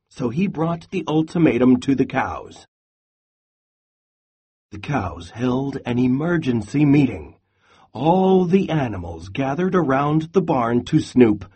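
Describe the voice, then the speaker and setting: Husky man reading a picture book aloud. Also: mid-range voice. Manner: expressive, sing-song read-aloud delivery.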